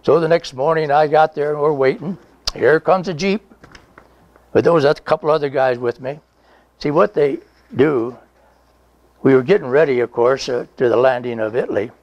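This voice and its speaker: A man's voice: a little high, moderate pace, long pauses, dry recording, lo-fi sound. A man in his nineties, a veteran being interviewed, telling a rambling, folksy story with chuckles and reenacted dialogue. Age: 90s. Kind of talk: conversational oral history storytelling.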